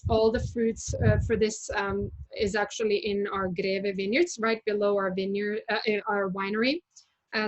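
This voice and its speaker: A woman's voice: medium pitch, poor audio. Woman casually presenting a wine tasting. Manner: chatty, many fillers and self-corrections. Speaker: winery representative leading a tasting. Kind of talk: casual presentation on a video call.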